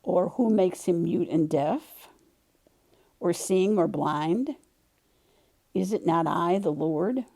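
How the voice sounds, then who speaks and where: A woman reading the lines of God, a solemn male deity, in a measured scripture-reading way. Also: lowish voice, lively intonation, creaky, dark tone, heavily acted.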